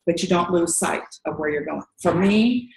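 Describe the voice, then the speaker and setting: A middle-aged woman giving an earnest testimonial at a training meeting, telling her story lively and acting out quotes. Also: on the low side, moderate pace. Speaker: distributor sharing a story. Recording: echoey room.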